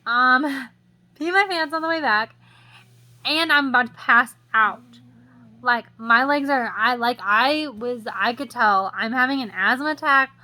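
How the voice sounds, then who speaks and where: Young woman, bright voice, fairly high, rambling, shaken, casual vlog. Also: unhurried. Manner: rambling, with many "like" fillers. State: shaken and jittery. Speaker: vlogger.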